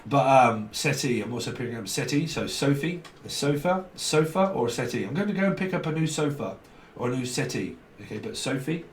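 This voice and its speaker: This is a brisk, medium-pitched British voice with lively intonation, belonging to a tarot reader who rambles casually through a reading. Joking, frequent laughter, slang and mock voices run throughout. The recording is echoey and distant, with a little faint noise.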